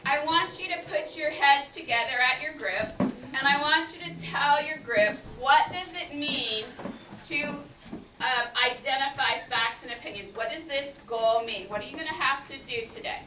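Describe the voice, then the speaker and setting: A woman teaching a class of children, giving instructions and stretching out her cue words slowly. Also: sits high, bright, forceful tone. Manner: slow, drawn-out cue words. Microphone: worn teacher mic, recorded from a distance. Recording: echoey classroom mic from far off. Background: classroom noise.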